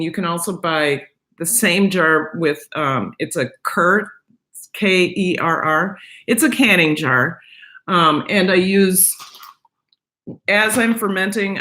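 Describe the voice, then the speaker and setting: A middle-aged woman hosting a casual live stream from home, chatting with viewers in a halting way, with many fillers and restarts. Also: fairly low pitch, fairly bright tone. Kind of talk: casual chat, reading viewer comments.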